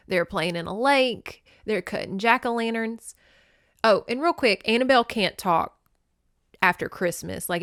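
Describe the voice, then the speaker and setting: A woman hosts a casual movie-recap podcast, chatty and emotional, swearing freely, laughing and tearing up. Her voice is mid-range with a fairly bright, smooth tone, and the recording is dry and studio quality.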